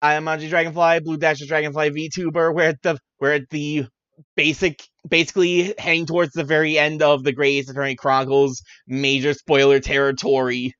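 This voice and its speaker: A man's voice: fairly high pitch, level tone, brisk, fairly bright tone, clean tone, no room sound, highs cut off. A man streaming a game as a VTuber, chatting casually and rambling with frequent restarts. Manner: rambling, self-correcting, chatty.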